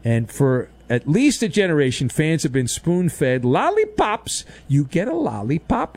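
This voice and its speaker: Man, sports radio host, sarcastic monologue, high voice, swooping pitch, dry close studio sound. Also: a little slow, few pauses, dry recording. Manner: sarcastic, mocking, animated riffs.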